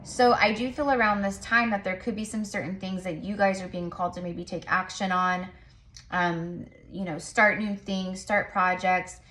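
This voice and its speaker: A woman's voice: mid-range voice, steady tone, pushed and bright. A woman giving a casual tarot reading to her viewers, rambling with many fillers and restarts. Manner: says she talks fast. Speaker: tarot reader.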